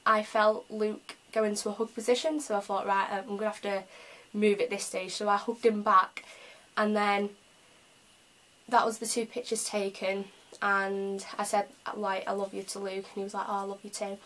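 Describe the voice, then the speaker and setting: A young woman from England recounts a meet and greet in a casual vlog. She talks in a chatty, excitable way, full of "like" and "um", with a fairly flat, even pitch. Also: normal speed, rough recording. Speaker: vlogger.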